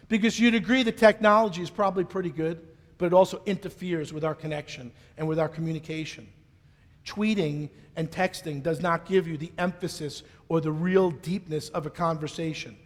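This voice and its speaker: A middle-aged man giving a keynote speech on stage, telling a story in a playful, animated way. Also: sits high. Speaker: keynote speaker. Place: conference stage in a large hall. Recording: long reverb of a large hall.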